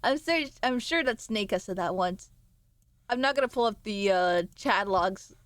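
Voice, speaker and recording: A woman's voice: medium pitch, animated, moderate pace, dry recording. A woman streamer chatting casually with viewers, sleepy and playful, rambling with sudden squeals and mock voices. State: sleepy, yawning.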